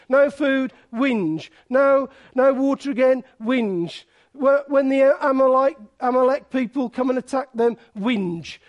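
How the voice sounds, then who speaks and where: A man's voice: very high-pitched, darkish tone. A man preaching a sermon in a conversational way, often restarting phrases and acting out little asides.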